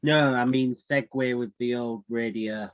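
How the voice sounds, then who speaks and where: A man's voice: mid-range voice, fairly even intonation, measured pace, a little hiss or hum. Male interviewer with dull lo-fi sound. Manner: brief, reads questions and gives short replies. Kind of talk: reading out interview questions.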